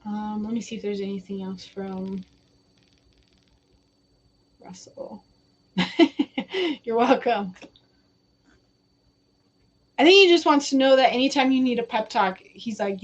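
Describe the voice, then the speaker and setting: A woman's voice: fairly high pitch, expressive, slow, pauses often, lo-fi sound. Giggly young woman giving a psychic reading. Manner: chatty and giggly, quoting spirits in a casual voice. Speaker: psychic reader. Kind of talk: live-stream psychic reading.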